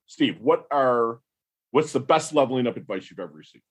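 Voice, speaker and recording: A man's voice: medium pitch, lively intonation, moderate pace, breathy edge. A man from the American Midwest hosting a podcast interview, effusive and slangy, calling his guest dude and brother. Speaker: podcast host. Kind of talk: casual interview.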